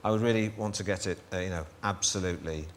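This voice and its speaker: A man's voice: low-pitched, fast. A man with a Northern English accent, a comedian guest on a TV chat show, talking with dry humour and stammering restarts. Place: TV studio with live audience.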